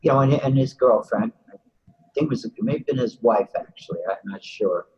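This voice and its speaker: An older man telling a story in a loose, rambling way and filling it with "you know" asides. His voice is husky and sits at a middle pitch. The recording sounds dull and lo-fi. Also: fairly quick, darkish tone. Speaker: interviewee. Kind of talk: casual storytelling.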